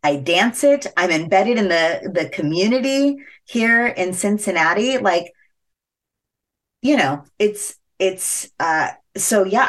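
A woman telling a personal story as a podcast guest, animated and chatty, laughing often and using many fillers. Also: mid-range voice. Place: podcast interview.

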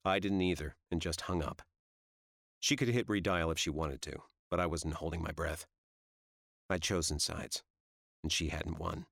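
A man with a very deep voice narrates a first-person audiobook in a low-key, measured manner. The recording is dry and close, with no room sound. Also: vocal fry, a bit bright, no room sound.

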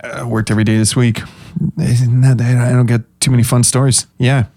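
A man's voice: medium pitch, flat delivery, moderate pace, dark tone, no echo, clean studio sound. A man co-hosting a casual podcast, joking around and swearing freely. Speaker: podcast co-host. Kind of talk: casual chat.

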